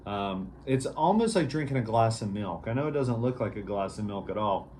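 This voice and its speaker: Animated and speaking at normal speed, the man has a lowish, slightly mellow voice with a little hiss or hum. He hosts a casual beer review vlog, rambling comfortably and using plenty of fillers.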